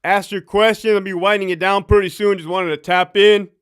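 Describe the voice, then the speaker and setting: A man's voice: sits high, a little fast, clear, resonant tone. A man in his fifties, a former prison officer, telling profane stories with lots of laughter on a casual live stream. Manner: profane, laughing, animated storyteller.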